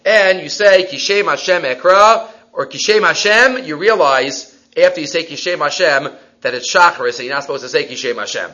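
A man leads a Talmud class, quickly citing sources and asking rhetorical questions. His voice sits a little high. The recording sounds dull and lo-fi. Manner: animated, quick Hebrew-Aramaic citations, rhetorical questions. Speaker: Talmud teacher.

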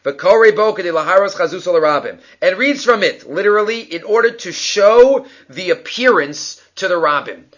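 A man with a high, bright voice teaches a Talmud lesson, reading the text and explaining it line by line. He works through each step aloud. The recording sounds dull and lo-fi. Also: animated, normal speed, hardly any pauses. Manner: explains text line by line, thinking aloud, uses Hebrew and Aramaic terms. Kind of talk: daily Talmud class lecture.

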